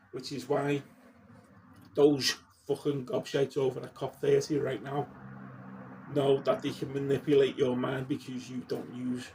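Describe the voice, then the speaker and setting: A man's voice: medium pitch, gravelly. A man vlogging in a casual, blunt rant, swearing constantly and getting worked up as he talks. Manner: heavy swearing, blunt and heated; gets animated and worked up. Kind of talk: casual ranting monologue. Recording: distant mic with faint background noise.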